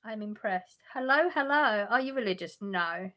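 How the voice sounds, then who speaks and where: A woman on a home livestream from her sofa reads out viewer messages and answers them casually, laughing often and restarting. Her medium-pitched voice is expressive with a sharp tone, at normal speed.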